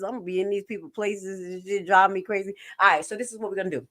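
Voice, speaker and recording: A woman hosting a casual live stream, blunt and jokey, swearing freely and jumping suddenly in pitch and loudness. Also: lively intonation, fast, hardly any pauses.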